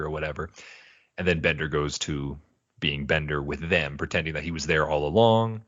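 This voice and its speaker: A man's voice: very deep voice, normal speed, dry recording, muffled recording. A man co-hosting a podcast, rambling through a casual episode recap and slipping into character quotes. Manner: rambling, animated retelling with put-on character quotes. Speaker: podcast co-host.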